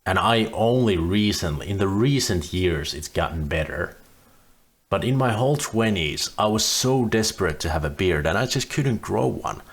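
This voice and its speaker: A man's voice: low voice, lively intonation, moderate pace, husky. A man in his thirties talking candidly to camera in a casual vlog, swearing freely as he goes. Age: 30s. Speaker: vlogger.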